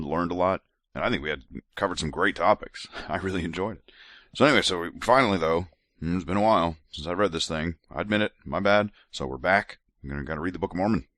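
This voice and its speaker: A man's voice: sits low, a bit bright, no room sound, studio quality. A man hosting a podcast in a casual monologue, a little drunk, rambling and laughing with many restarts. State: tipsy from drinks. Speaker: podcast host.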